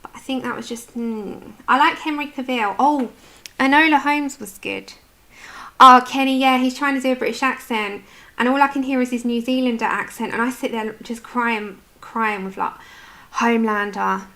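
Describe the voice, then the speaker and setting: Chatty British woman hosting a colouring stream, bright, higher voice, answers comments as she works. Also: normal speed. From United Kingdom. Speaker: colouring livestream host. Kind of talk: casual chat while colouring.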